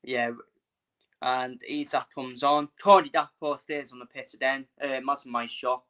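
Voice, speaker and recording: A man's voice: mid-range voice, steady tone, a little slow, a bit bright, smooth. A man hosting a live football watchalong, chatting bluntly and casually, swearing freely and repeating himself.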